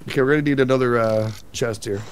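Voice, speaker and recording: A man's voice: medium pitch, fast talker, slight background noise. A man streaming a co-op survival game, joking with friends and greeting viewers. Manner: laughs often, jokey, talks to viewers. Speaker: streamer and co-op player. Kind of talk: casual gaming chat.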